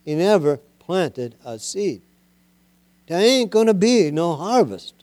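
Male preacher with a high voice, slow and deliberate, keeps pushing folks to say it loud. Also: big pitch swings, no room sound. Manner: emphatic, urges listeners to say things aloud; plain-spoken, homespun. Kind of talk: sermon.

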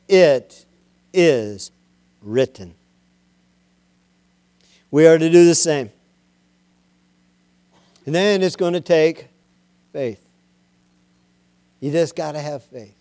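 A male preacher delivers his sermon in a smooth, resonant, fairly high voice. He is emphatic and homespun, calling on listeners to speak the words aloud. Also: warm tone, dry recording, studio quality. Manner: plain-spoken, homespun.

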